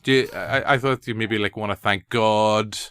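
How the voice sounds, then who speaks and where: A Northern Irish man hosts a casual podcast, rambling along with a joke never far off. His voice is bright and crisp. The recording is dry and close. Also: lowish voice, normal speed, dry recording. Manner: rambling, jokey. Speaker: podcast host. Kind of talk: casual chat.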